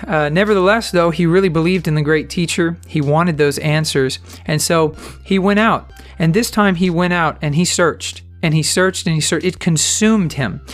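A man hosting a motivational podcast, telling a story in an earnest, conversational, encouraging way. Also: fairly high pitch. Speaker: podcast host.

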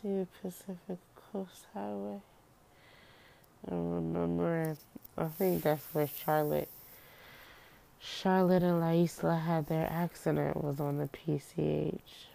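A woman's voice: lowish voice, fairly even intonation, measured pace, gravelly, mellow. A woman vlogging while sick and drowsy from cold medicine, slurring and rambling as she talks herself through it in a small room. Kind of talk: casual monologue to camera.

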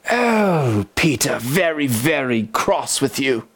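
A man mimicking a stuffy old-film Jesus with a British accent, scolding in a prim, drawn-out way. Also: medium pitch, sing-song, a bit bright, breathy edge, pitched below the performer's own voice, heavily acted. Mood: mock scolding.

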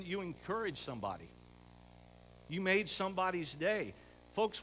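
An older man serving as pastor preaches a folksy sermon in a church sanctuary, building to emphatic exhortation. His voice is fairly high in pitch and a bit bright. The church hall is echoey, with a faint hum.

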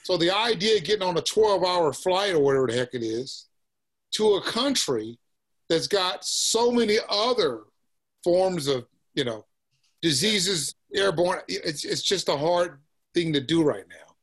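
A man from Texas with a Southern accent, a musician guest chatting casually in an interview, relaxed and peppering his talk with "man" and "you know.". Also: sits high, measured pace, slightly rough. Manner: laid-back, says "man" and "you know" often, laughs easily.

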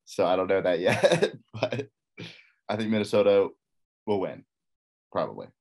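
A man's voice: on the low side, very animated, moderate pace, vocal fry, a little mellow. A man from Texas with a faint Texas accent, casually rambling through his college football picks in a solo talk. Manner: rambling, repeats himself, frank opinions.

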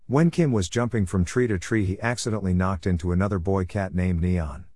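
Deep-voiced man reading a storybook aloud with small restarts, dry and close. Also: a little fast, darkish tone, no echo.

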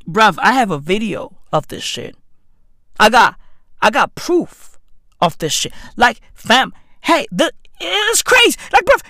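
A young man spins a profane comic story, leaning on slang and tossing quick asides at the listener. He talks slowly and deliberately. His voice sounds dry and close, with no room around it. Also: very high-pitched, no room sound. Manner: animated, swearing, slang-heavy, repeats "bruv" and "right?". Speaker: comedic storyteller. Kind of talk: profane comedic anecdote.

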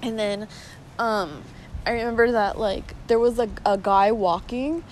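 A woman's voice: on the high side, fairly even intonation, unhurried, slight background noise, rough recording. Chatty young woman, swearing freely. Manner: chatty, swears freely, rambling story with many fillers. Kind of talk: casual storytelling chat.

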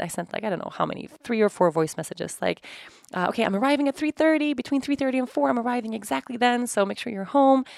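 A woman's voice: lowish voice, gravelly, no room sound, studio quality. A woman podcast host telling a personal story in a chatty way, full of "like" and "you know", acting out her own thoughts as she goes.

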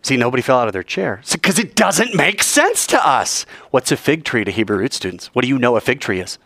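Male preacher, sermon, lively swooping pitch, dry close sound, keeps quizzing the congregation. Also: brisk, gravelly, dry recording. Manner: animated, asks the audience rhetorical questions.

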